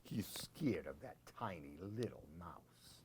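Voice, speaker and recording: Slow, playful storybook reader, a man. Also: low-pitched, animated, background noise. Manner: playful sound words, hushed whispers. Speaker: library storyteller. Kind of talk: children's picture book read-aloud.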